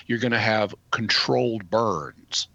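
A man who answers questions as the show's expert, explaining things step by step in a measured way and restarting phrases as he thinks. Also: fairly low pitch, vocal fry, pushed and bright, dry recording. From United States. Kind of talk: explanatory conversational talk. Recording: dull, dry lo-fi audio.

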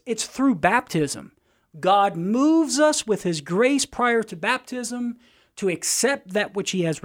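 A man on a call-in radio show answering a caller's question in a slow, deliberate, teaching manner. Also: high voice. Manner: slow, deliberate, carefully explaining.

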